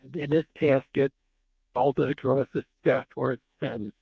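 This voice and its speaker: His voice is medium-pitched and moderately paced, with vocal fry and a slight roughness. He's in his eighties, an interview guest animatedly telling stories and voicing the dialogue. The recording has no room sound and the highs are cut off.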